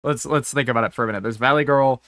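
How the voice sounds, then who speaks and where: A man's voice: medium pitch, racing, fairly bright tone, no echo, studio quality. A man co-hosting a podcast, chatting casually, opinionated and swearing, with many restarts. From American South or Southwest. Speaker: podcast co-host.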